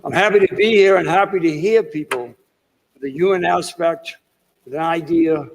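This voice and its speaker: A man's voice: fairly high pitch, normal speed, creaky, poor audio. An older man with a Boston accent gives a rambling motivational keynote, wandering through asides and self-deprecating stories. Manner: digressive storyteller with asides and self-deprecating jokes. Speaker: keynote speaker. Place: conference hall.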